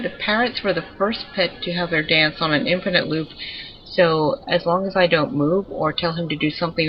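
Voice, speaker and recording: Chatty woman, gameplay commentary, lowish voice, rambles a bit, slightly muffled sound, faint noise behind. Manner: chatty and digressive. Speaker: gamer showing off her pets.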